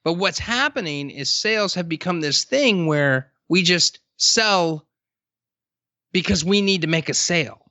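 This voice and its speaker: A man talking casually on a podcast, telling stories with emphatic, drawn-out stresses. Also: high-pitched, expressive, pushed and bright, dry recording.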